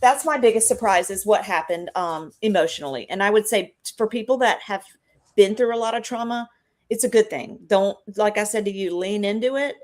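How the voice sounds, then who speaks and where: A woman's voice: medium pitch, fairly quick, a little mellow. A woman in her fifties, a guest on a live video call, speaking earnestly and persuasively with a preachy edge. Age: 50s. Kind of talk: casual interview chat.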